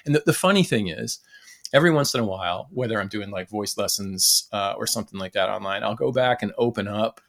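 A man's voice: fairly low pitch, brisk, creaky, fairly bright tone. A man who sings, co-hosting a podcast in easygoing, self-deprecating casual chat. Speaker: podcast co-host, singer.

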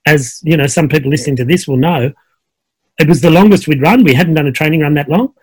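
A man's voice: fairly high pitch, fast, husky, no room sound. A middle-aged man with an Australian accent, a coach chatting casually on a video call with many fillers. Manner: relaxed storyteller, many fillers. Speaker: guest coach. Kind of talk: casual conversation.

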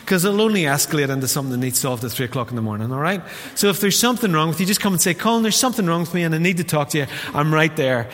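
A man with a Northern Irish accent preaching a lively, jokey sermon as pastor, acting out the quotes he tells. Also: on the high side, rapid-fire, few pauses. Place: church hall. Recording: long hall reverb.

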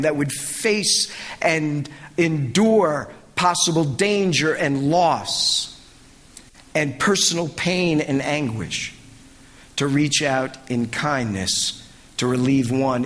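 Man, pastor, sermon, high voice, dramatic delivery, long hall reverb. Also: a bit bright. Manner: dramatic preaching with swelling and dropping delivery.

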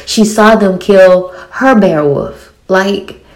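A woman in her forties with a thick Louisiana accent, giving a blunt, animated, swearing recap of a TV episode full of rhetorical questions. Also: medium pitch, takes it slowly. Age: 40s. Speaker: TV show reviewer. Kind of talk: casual episode recap and commentary.

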